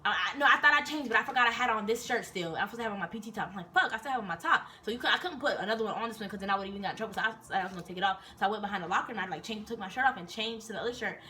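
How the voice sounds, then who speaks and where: A young woman and soldier telling stories in a casual, animated, profane and rambling chat, recorded indoors. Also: medium pitch, racing, hardly any pauses. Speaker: vlogger and soldier. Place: indoors in Korea. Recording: distant mic with faint noise.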